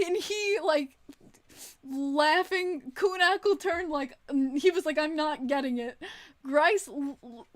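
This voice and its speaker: A high-pitched young woman chats slowly and casually on her stream, laughing through her stories. Her voice sits close and dry, with no room sound. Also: no echo. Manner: rambling, giggly storytelling. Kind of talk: casual livestream chat.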